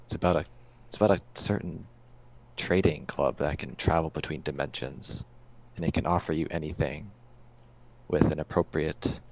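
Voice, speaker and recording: A man voicing an earnest male adventurer in a tabletop game, speaking haltingly and often restarting his sentences. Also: rumbling low, gravelly, exaggerated voice.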